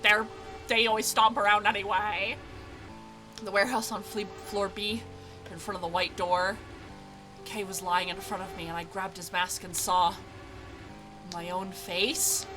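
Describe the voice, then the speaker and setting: A woman streamer playing a video game, reading scenes aloud and reacting with excited shrieks and swearing. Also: medium pitch, unhurried, long pauses, faint music behind, low-quality recording.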